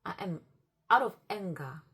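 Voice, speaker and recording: A woman telling an animated, exasperated storytime on her vlog. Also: fairly low pitch, a little slow, breathy edge. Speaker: vlogger.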